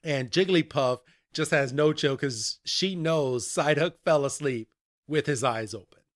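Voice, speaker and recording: A man with a somewhat high voice recaps a cartoon episode on a podcast, animated and laughing often. His voice sits close and dry, with no room sound around it. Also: a little slow, no echo. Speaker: podcast host.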